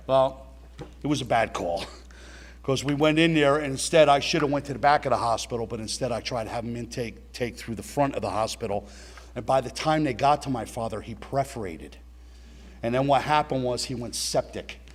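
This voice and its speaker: A middle-aged man telling a blunt personal story at a recovery meeting, swearing and talking straight to his listeners. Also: mid-range voice.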